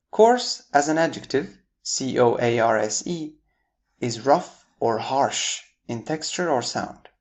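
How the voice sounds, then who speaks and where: An American man narrates an English vocabulary lesson at a middle pitch. He is clear and deliberate, spelling words out letter by letter, and he brightens as he brings in each new word pair. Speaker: English teacher.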